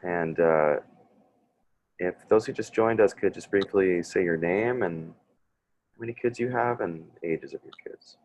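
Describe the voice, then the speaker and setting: A man's voice: deep voice, measured pace, darkish tone. A man who works as a social worker, leading a parent workshop on a video call, hesitant and full of fillers and restarts. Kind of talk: online workshop presentation.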